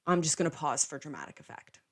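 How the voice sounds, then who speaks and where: A woman's voice: sits low, fast. A young woman in her twenties hosting a podcast, telling a story casually and constantly saying "like", acting out other people's lines in quotes. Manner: chatty, heavy use of "like", animated retelling with quoted dialogue. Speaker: podcast host.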